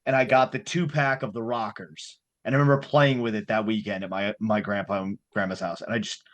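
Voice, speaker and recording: A man in a casual chat, talking in quick hesitant bursts and acting out quotes. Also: on the low side, fairly even intonation. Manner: chatty, hesitant restarts, acts out quotes.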